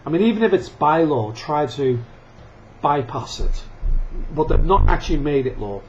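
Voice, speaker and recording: A man's voice: fairly high pitch, expressive, normal speed. Man, profane rant, angry and scoffing, faint background hiss. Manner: angry, sweary, laughs and coughs between rants. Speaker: vlogger. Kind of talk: profane ranting monologue. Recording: dull lo-fi sound with faint noise.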